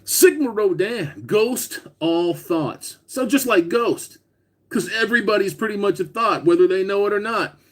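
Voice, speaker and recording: A man's voice: high-pitched, measured pace. A man hosting a casual livestream, talking bluntly with lots of swearing and reading out viewer comments as he goes. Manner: profane, blunt, reads viewer comments aloud. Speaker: livestream host.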